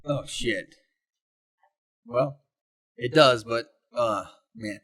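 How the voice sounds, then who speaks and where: A man in his thirties hosting a crude, joking chat with friends, loud and prone to shouting. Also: medium pitch, big pitch swings, extremely slow, gravelly, slightly rough. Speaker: podcast host.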